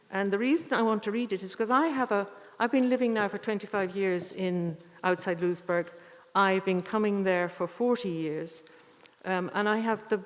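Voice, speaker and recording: A middle-aged woman reading poetry in a measured, deliberate way, with rambling, chatty introductions between poems. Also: fairly low pitch. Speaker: poet reading at a tribute evening. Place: church. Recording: long church reverb.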